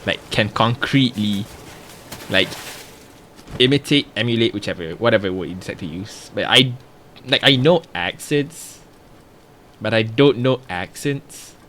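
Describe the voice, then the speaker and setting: A man's voice: on the low side, animated, measured pace, pauses often, a bit bright, a little hiss or hum. A male streamer giving casual gameplay commentary, talking to himself, humming and joking as he plays. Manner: talks to himself, hums and jokes while playing.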